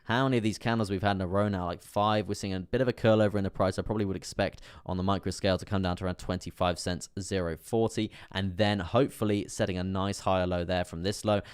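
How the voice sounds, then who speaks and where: A man's voice: deep voice, steady tone, fast talker, hardly any pauses, clear, resonant tone, no room sound, studio quality. A man hosting a live stream, casually talking through charts, repeating himself and reassuring his viewers. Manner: repetitive, reassuring, chatting with viewers. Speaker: crypto live stream host.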